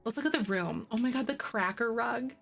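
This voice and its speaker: A young woman streaming live, chatting casually with her viewers, greeting them by name and squealing when something excites her. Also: on the high side, brisk, creaky, soft background music. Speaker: Twitch streamer. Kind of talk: casual live-stream chat while playing a game.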